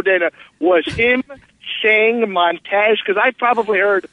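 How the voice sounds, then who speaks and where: A man's voice: measured pace, dry recording. Man telling stories over a phone line. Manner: animated storyteller, acts out quotes with big pitch jumps. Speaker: actor guest. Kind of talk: casual phone interview storytelling.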